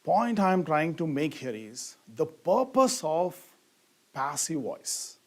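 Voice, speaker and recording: A man's voice: on the high side, big pitch swings, takes it slowly. A middle-aged man, teaching a grammar lesson and asking the class questions that he then answers himself, leaning hard on key words. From India.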